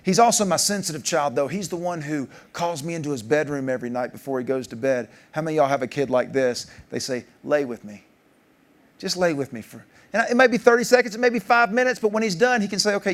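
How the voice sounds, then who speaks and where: A man in his forties tells stories from the stage of a conference keynote. His voice sits a little high and leaps even higher for punchlines, with an easy, jokey storytelling manner. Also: fast talker, few pauses. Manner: animated, jokey storyteller, pitch jumping up for punchlines. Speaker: keynote speaker. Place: large conference hall.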